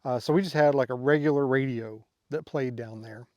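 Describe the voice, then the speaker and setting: A man's voice: mid-range voice, fairly quick, darkish tone, no echo, dull audio. A middle-aged man telling stories in a casual, rambling way with lots of fillers, speaking outdoors at a campsite. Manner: rambling, filler-heavy, laughs at his own stories. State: tired from a sleepless night. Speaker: vlogger. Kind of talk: casual vlog storytelling.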